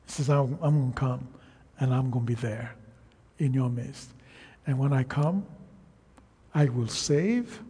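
A man preaching a sermon, slow and emphatic, calling out to the congregation for responses. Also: mid-range voice, dark tone, slightly rough, big-room sound.

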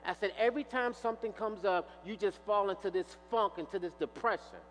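Male pastor, high lively voice, storytelling sermon in a reverberant hall with a faint hum. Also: fairly quick. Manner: animated storyteller, acts out dialogue.

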